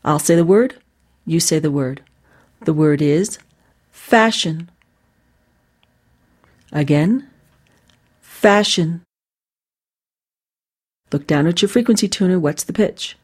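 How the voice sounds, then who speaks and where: A woman voice coach slowly modeling single words for the listener to repeat. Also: sits low, mellow, slightly rough. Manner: slow, deliberate word-by-word modeling for repetition. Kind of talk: guided vocal exercise instruction.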